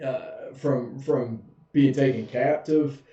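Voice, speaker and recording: A man's voice: mid-range voice, fairly even intonation, takes it slowly, warm tone. A man, a pastor giving a casual, humorous Bible study in a church sanctuary. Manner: folksy, humorous, chuckles often. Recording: echoey, dull, far from mic.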